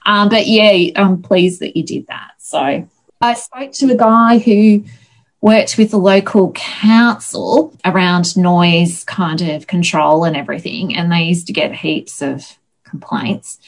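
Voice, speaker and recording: A woman, a guest on an interview show, telling lively anecdotes in a casual, chatty way. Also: mid-range voice. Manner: chatty, animated anecdotes with laughs. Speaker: guest, local music historian.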